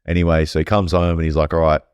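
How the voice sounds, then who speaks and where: A man with a very deep voice tells a personal story as a podcast guest. He talks casually, rambles and swears freely. The sound is dry and close, with no room echo. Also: little pitch movement, quick pace, darkish tone, smooth.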